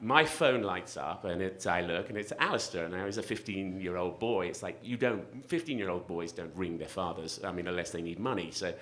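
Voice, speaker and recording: A man's voice: sits low, fairly quick, few pauses, fairly bright tone, slight background noise. A middle-aged man telling a comic personal story live at a story slam, self-mocking and laughing through his lines, on a stage microphone in a restaurant event space.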